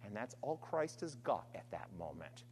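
A woman preaching a sermon, earnest and emphatic, alternating forceful stress with quiet, trailing phrases. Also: extremely low pitch, very animated, moderate pace, slight background noise. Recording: long hall reverb.

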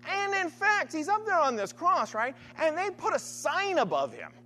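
A man's voice: very high-pitched, moderate pace, slight background noise. A man preaching a sermon in a conversational style, often checking in with "right?". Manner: conversational, keeps asking "right?"; animated storytelling.

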